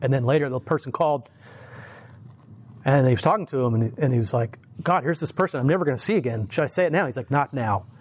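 A man's voice: mid-range voice, fast, breathy edge. Brief: man preaching informally, chatty storyteller, chuckles often, restarts sentences, mid-range voice. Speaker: lay preacher. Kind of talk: informal sermon.

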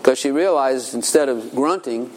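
A man's voice: mid-range voice, moderate pace, a little mellow, a little hiss or hum. An older man giving an informal sermon as a pastor, telling rambling family stories and acting out children's voices.

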